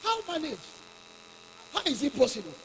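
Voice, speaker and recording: A man's voice: very high voice, huge pitch swings, moderate pace, fairly bright tone, slight background noise, pitched above the performer's own voice, full character voice. A man voicing a curious young chicken that asks its elder wondering, eager questions in a long hall reverb.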